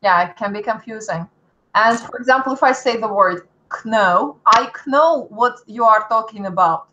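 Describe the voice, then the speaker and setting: Russian-accented woman host, slightly high voice. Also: normal speed, sharp tone, muffled recording, slight background noise. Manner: asks questions, switches to Russian to address viewers. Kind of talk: casual chat.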